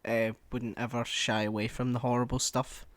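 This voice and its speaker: A young man from Scotland with a Scottish accent, co-hosting a podcast in casual chat, deadpan and wry, swearing freely. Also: mid-range voice, moderate pace, no room sound. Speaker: podcast co-host.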